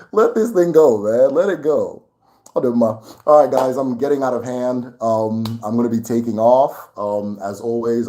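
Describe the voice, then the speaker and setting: Brief: male host with a Nigerian English accent, casual chat, excitable, laughs a lot, mid-pitched voice. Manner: animated, worked up, laughing often. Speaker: channel host.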